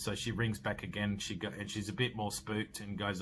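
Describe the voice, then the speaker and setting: Forties man, podcast host, low but bright forceful voice, rambling recap full of ums. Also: little pitch movement, moderate pace, slight background noise. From Australia. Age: 40s. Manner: rambling, filler-heavy storytelling with many restarts. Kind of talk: casual film review recap.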